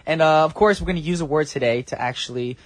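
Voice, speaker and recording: A man's voice: on the high side, fast talker, no echo. A male radio DJ in a studio, chatting casually on air, joking and laughing often. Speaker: radio DJ host. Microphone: studio microphone.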